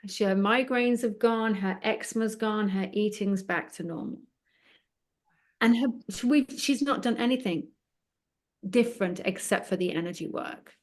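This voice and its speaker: A middle-aged woman talking as an interview guest, her voice sitting in a middle register. She tells her stories with a lively, storytelling flow and plays both sides of each conversation as she recounts it. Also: medium pitch, normal speed. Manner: animated anecdotes, acting out both sides of the dialogue. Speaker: psychic medium guest.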